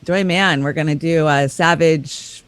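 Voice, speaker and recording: A man hosting a casual talk show, enthusiastic and quick to agree. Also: on the high side, fairly even intonation, a bit bright, smooth, no echo. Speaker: show host. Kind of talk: casual chat.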